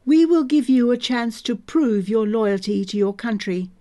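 A woman's voice: a little high, animated, a little slow, mellow. A woman voicing a young male army lieutenant who questions a prisoner in a formal, clipped, suspicious way. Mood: stern.

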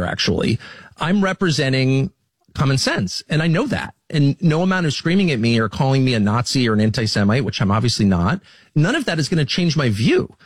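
An American man speaking as an interview guest, emphatic and indignant, with frequent restarts and sharp rises in pitch. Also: breathy edge, dry recording. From United States. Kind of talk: heated conversational interview.

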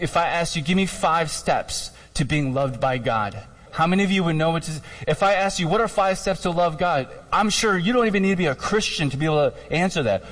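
Male pastor, chatty animated preaching, slightly high voice, church-hall echo. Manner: conversational, animated, jokey asides. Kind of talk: sermon. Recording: long hall reverb.

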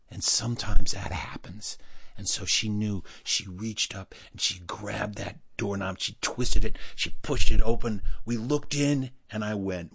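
A man telling a childhood story to listeners, animated and acting out the other people in it. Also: on the low side, husky, no room sound. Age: adult. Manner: animated, acts out the other voices. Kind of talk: personal storytelling performance.

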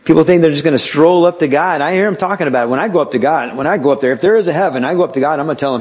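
A man's voice: on the high side, racing, hardly any pauses, darkish tone, slightly rough. A man preaching a sermon in a conversational way. He acts out quotes as he goes.

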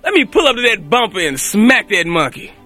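A man in a comedy sketch playing a crude, swaggering street tough with a very high, lively voice. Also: fairly quick, faint music behind, heavily acted. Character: brash street-slang male tough.

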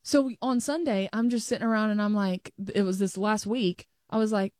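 A woman's voice: medium pitch, steady tone, brisk, few pauses, darkish tone, no echo, studio quality. A young adult woman co-hosting a show, telling stories in a chatty way with frequent restarts. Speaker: co-host. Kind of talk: casual chat.

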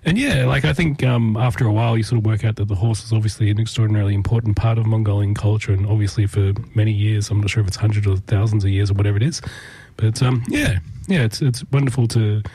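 A man's voice: fairly low pitch, fast talker, creaky, dark tone, breathy edge, no room sound. A man with an Australian accent, a musician guest talking casually and thoughtfully in a radio interview.

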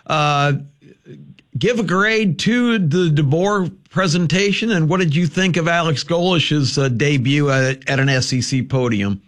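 Man, sports radio host, chatty, voice on the higher side. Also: fairly bright tone. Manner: chatty, with quick interjections.

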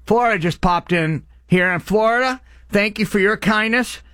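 A middle-aged man hosting a live radio charity appeal, eagerly thanking callers by name and stumbling over his words when excited. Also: high voice, normal speed, dry recording, clean studio sound. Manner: excitable, names donors with loud bursts of enthusiasm; stutters and restarts when excited. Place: radio studio.

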